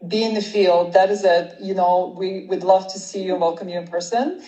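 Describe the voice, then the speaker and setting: A woman's voice: mid-range voice, steady tone, fairly quick, dark tone, highs cut off. Upbeat woman host in an echoey room. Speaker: podcast host. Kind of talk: conversational interview hosting.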